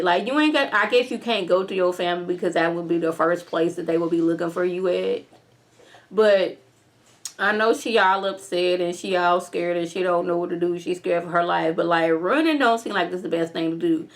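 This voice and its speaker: A woman's voice: on the low side, moderate pace. A young woman casually recapping and reviewing a TV episode in an opinionated, slangy way. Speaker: TV show reviewer.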